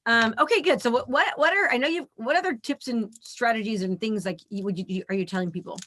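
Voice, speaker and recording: A woman hosting an interview, talking in an eager, emphatic way with quick restarts and sounding tired and yawning. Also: a little high, a bit bright. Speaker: podcast host. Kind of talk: casual interview chat.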